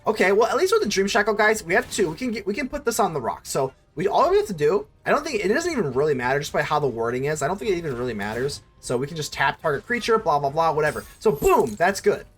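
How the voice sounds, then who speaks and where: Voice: medium pitch, big pitch swings, quick pace, hardly any pauses, slightly rough, faint music behind. A card game streamer thinking aloud through a match, fretting and scolding themselves over mistakes in casual commentary.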